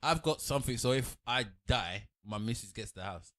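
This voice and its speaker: A man's voice: mid-range voice, lively intonation, moderate pace, a bit bright, slight background noise. A man co-hosting a podcast, joking and laughing often in casual banter with friends. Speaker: podcast co-host.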